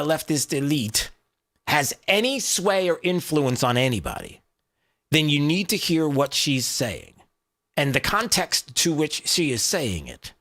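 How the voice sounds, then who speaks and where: A man's voice: on the high side, fairly bright tone. Sarcastic rambling American talk radio man. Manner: sarcastic, rambling with many fillers. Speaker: radio talk show host. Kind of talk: opinionated political talk radio.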